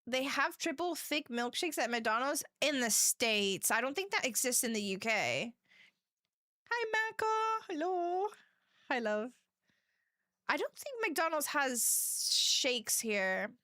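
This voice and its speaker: A woman's voice: fairly high pitch, expressive, unhurried, pushed and bright, dry recording, clean studio sound. A woman livestreamer chatting casually with her live audience, giggling often and reading viewer messages aloud.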